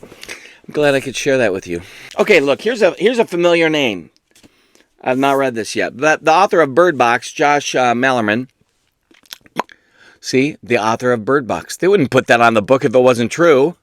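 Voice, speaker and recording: In a dry recording, this man hosts a book video with a mid-range, fairly bright voice. He wanders from point to point in casual chat, poking fun at himself.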